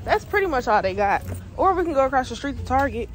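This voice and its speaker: A woman's voice: sits high, very animated, quick pace. Chatty young woman vlogging. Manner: chatty, teasing, talks to viewers. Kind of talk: casual vlog chat. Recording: loud background music.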